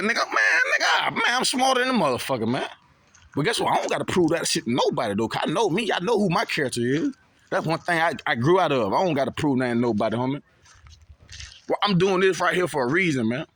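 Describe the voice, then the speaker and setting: A man's voice: sits high, sharp tone. A young man, talking straight to camera about prison life in heavy street slang, repeating himself as he preaches. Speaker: vlogger giving prison testimony. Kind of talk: street talk monologue to camera.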